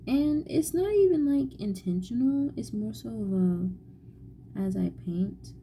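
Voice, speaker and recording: A young woman vlogging casually as she paints at home, musing softly and often half-whispering to herself. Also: a little high, expressive, unhurried, a little hiss or hum, low-quality recording. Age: young adult. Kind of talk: casual chat while painting.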